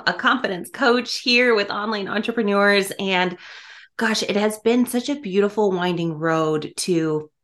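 Effusive woman guest on a podcast, chatty and warm in tone, laughs through her lines, mid-range voice. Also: medium pitch, unhurried. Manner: effusive, laughs often while talking. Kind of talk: casual podcast interview.

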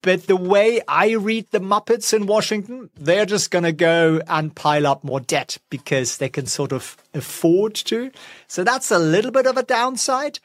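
A finance vlogger with a high-sitting voice offers casual stock market commentary from home at normal speed, with a pet nearby. The recording is dry, with clean studio sound, and he's chatty and wry, dropping sarcastic asides.

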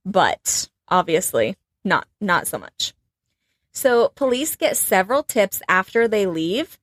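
Speaking slowly but with great animation, a woman tells her podcast co-host a true-crime tale, sprinkling in plenty of "like" and leaving phrases unfinished. Her mid-range voice comes across dry and close-miked, without any surrounding room.

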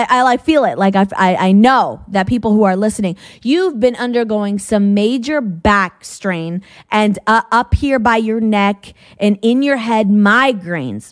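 A woman's voice: medium pitch, no echo. Woman preaching hard, lots of restarts and repeats, dry close sound. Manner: fervent, repetitive restarts. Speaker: Christian speaker. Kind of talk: preaching to listeners.

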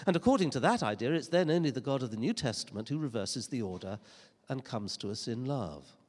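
Male preacher, earnest and emphatic, lively intonation, long church reverb. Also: medium pitch, a little fast. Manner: earnest, emphatic preaching with rhetorical questions and dry humor. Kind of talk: sermon.

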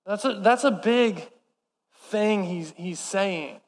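A man preaching a sermon to a live congregation, impassioned and swinging between urgent and soft. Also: sits high, slow. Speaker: pastor. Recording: long hall reverb.

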